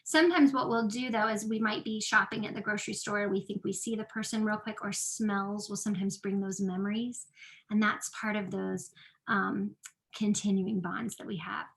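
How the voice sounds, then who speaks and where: A woman's voice: mid-range voice, fairly even intonation, normal speed, creaky, fairly bright tone. A woman presenting an online workshop, speaking earnestly and conversationally with frequent fillers into a computer microphone.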